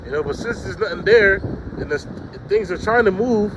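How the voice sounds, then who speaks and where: A man in a street group, explaining in a rambling, halting way. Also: high voice. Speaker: street preacher. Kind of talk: casual chat. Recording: outdoor recording with very loud traffic noise.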